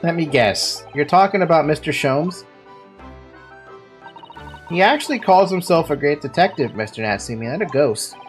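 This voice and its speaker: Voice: mid-range voice, lively intonation, normal speed, long pauses, faint music behind, lightly acted. A let's-player voicing a melodramatic, anxious young male student who wails theatrically. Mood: dramatic. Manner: theatrical wailing. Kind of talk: reading game dialogue aloud.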